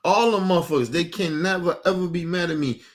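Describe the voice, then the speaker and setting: On his own casual stream, a man goes on a fiery, foul-mouthed rant, saying things over and over while alternating loud outbursts with low grumbles. He talks a little fast.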